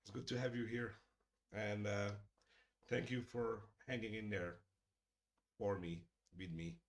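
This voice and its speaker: A middle-aged man hosting a casual live stream, chatting with viewers in a joking, profane way and murmuring softly to his cat. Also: fairly low pitch, unhurried, creaky. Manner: profane, joking, addresses chat directly; drops to soft murmurs talking to his cat. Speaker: streamer hosting a creator hangout.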